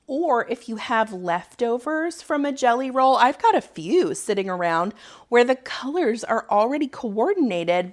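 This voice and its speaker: A woman in her thirties with a Southern US accent, hosting a casual sewing tutorial from her home sewing room, chatty and rambling with frequent laughs. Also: mid-range voice. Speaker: sewing channel host. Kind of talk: casual sew-along tutorial.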